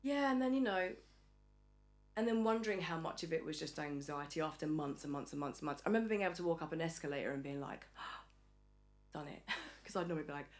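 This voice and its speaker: Soft music plays behind a low-pitched Englishwoman who talks fast and animatedly as a podcast guest. The interview is a casual chat, and she performs the voices of those she quotes.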